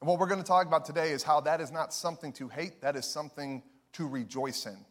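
A young man preaching a sermon, telling a story with animated energy, often laughing. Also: a little high, fast. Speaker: pastor.

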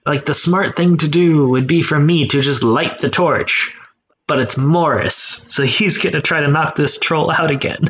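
Excitable swearing man playing a barbarian. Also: fairly high pitch, normal speed, slight background noise. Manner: excitable, swears often, narrates his character's actions. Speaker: player. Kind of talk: casual tabletop game play.

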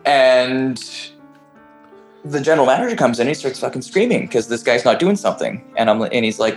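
A man's voice: medium pitch, a little fast, soft background music, rough recording. A man, a podcast guest, telling a long personal story in casual chat, rambling with restarts, fillers and the odd swear word.

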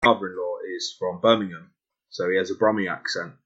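Husky-voiced London man chatting. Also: deep voice, fairly even intonation, a little fast, fairly bright tone, faint music behind. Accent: London English. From England. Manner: chatty, hesitant, many restarts. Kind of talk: casual chat. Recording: dull lo-fi audio.

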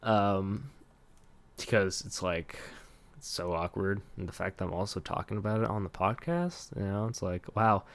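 A young man with a fairly low voice hosts a solo podcast at a moderate pace, rambling casually, leaning on fillers, and frequently chuckling at himself.

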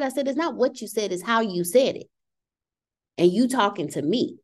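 A woman in her thirties hosting a podcast discussion, lively and acting out what others said. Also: fairly high pitch, normal speed. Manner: animated, acts out quoted voices. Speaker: podcast host. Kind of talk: casual group discussion.

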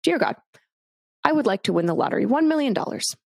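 A woman's voice: sits high, very animated, quick pace, creaky, darkish tone, slightly rough, no room sound, studio quality, voice pushed up, full character voice. A woman doing a man begging God. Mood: pleading. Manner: begging, then exasperated. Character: pleading adult man begging God for a lottery win.

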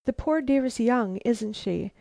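A woman's voice: medium pitch, measured pace, dark tone, no room sound, close to an everyday voice. A woman reading the lines of a nervous working-class scrub woman who talks in a shaky, stammering way. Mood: eager.

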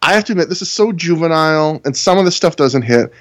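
A man's voice: a little high, animated, quick pace. A man co-hosting a podcast, chatting casually as he reviews a show, rambling and laughing often. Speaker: podcast co-host. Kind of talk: casual chat reviewing wrestling shows.

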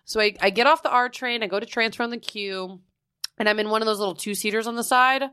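A young woman hosts a casual podcast chat, blunt and lively as she tells her stories. Her voice is bright and crisp. The recording is dry and close. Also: a little high, fast, dry recording. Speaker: podcast host.

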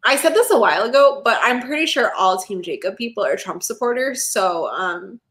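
A woman's voice: mid-range voice, animated, normal speed, fairly bright tone. A young woman co-hosting a podcast in casual chat, talkative and sarcastic, often giggling. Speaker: podcast co-host.

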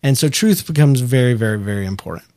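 A man's voice: mid-range voice, lively intonation, quick pace, a little mellow, no echo. A man co-hosting a casual podcast, speaking in an earnest, reflective way. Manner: earnest, reflective, talks about faith. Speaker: podcast co-host. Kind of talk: casual chat.

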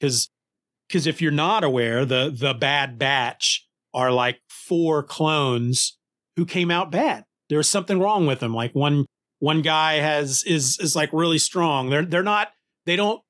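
A man with a fairly high voice chatting casually on a podcast. He talks with enthusiasm and gets lively when a point excites him. He often trips over and restarts his sentences. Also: unhurried. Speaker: podcast cohost. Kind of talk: casual conversation.

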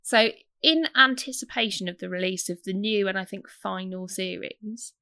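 A woman's voice: mid-range voice, normal speed, sharp tone, clean tone, no room sound, clean studio sound. A woman co-hosting a podcast in casual, enthusiastic chat. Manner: chatty, enthusiastic, laughs often. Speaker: podcast co-host.

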